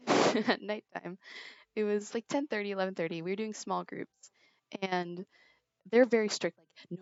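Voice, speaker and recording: A teenage girl streamer with a medium-pitched voice at normal speed, no echo, chats and tells a rambling story while gaming, giggling often. She's on a small earbud headset mic, so the recording is dry, dull, and lo-fi.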